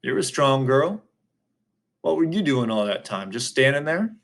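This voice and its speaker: A man as a calm, probing defense lawyer. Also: mid-range voice, gravelly. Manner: measured, probing questions. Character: calm, methodical middle-aged male lawyer.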